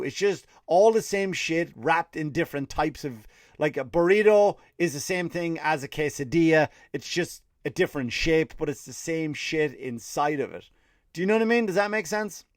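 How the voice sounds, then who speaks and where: A man's voice: on the high side, no room sound. An Irish man hosting a comedy podcast, delivering a rambling, sardonic, profane monologue into a close mic.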